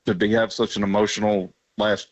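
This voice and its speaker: A man's voice: fairly low pitch, little pitch movement, brisk, no echo. A man from Alabama calling in to a sports radio show, talking emotionally and in a rambling way about his team. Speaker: radio caller. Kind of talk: emotional phone-in call. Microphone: phone. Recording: dull phone line.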